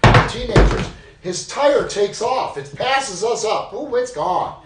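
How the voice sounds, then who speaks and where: A man telling a long hunting story on a podcast, animated and full of swearing, recorded in an echoey room with the mic set back. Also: high-pitched, slow pace, far from the mic. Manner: animated, profane yarn-spinning. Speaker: podcast guest. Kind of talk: casual storytelling.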